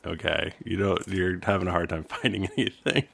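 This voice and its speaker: Low-voiced laid-back male game master. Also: brisk, vocal fry, a bit bright, slight background noise. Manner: laid-back, amused, often laughing. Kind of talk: narrating a tabletop game and voicing the bartender.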